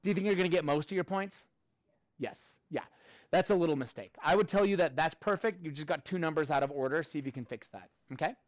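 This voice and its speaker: A man's voice: fairly high pitch, fast, no room sound. A man teaching a math class, upbeat and chatty, tossing jokey asides to his students between explanations.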